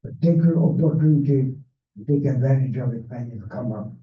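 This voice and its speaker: A man's voice: medium pitch, narrow, tinny audio. Older Hungarian-accented man in an echoey hall. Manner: measured storytelling with non-native grammar. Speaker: Holocaust survivor speaker. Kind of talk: personal testimony talk. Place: library event room. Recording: echoey, distant, phone-thin sound.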